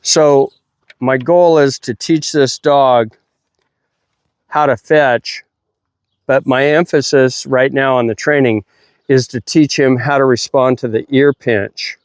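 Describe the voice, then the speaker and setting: A middle-aged man, a dog trainer, explaining his methods outdoors while working a dog, breaking into high, playful praise for the animal. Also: steady tone, takes it slowly, dry recording, studio quality. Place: outdoors at a kennel ranch.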